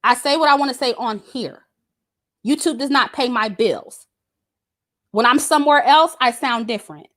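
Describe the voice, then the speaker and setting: A woman's voice: high voice, moderate pace, long pauses, fairly bright tone. A woman, giving a blunt, emphatic commentary straight to her audience, cursing and repeating her points. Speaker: YouTube commentator. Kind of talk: casual direct-to-camera rant.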